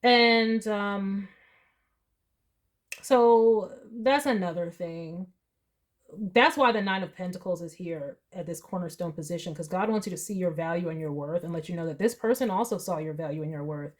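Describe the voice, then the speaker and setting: Female tarot reader, low register, earnest and emotional, casual monologue. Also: moderate pace. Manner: emotional, earnest, chatty with laughs and asides.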